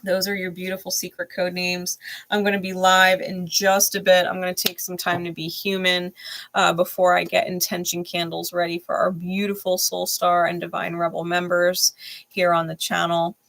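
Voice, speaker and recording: Brief: low, gravelly woman reading tarot live, blunt and profane, laughs a lot. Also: completely flat delivery, normal speed, fairly bright tone. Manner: emphatic, repeats phrases. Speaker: tarot reader and channel host.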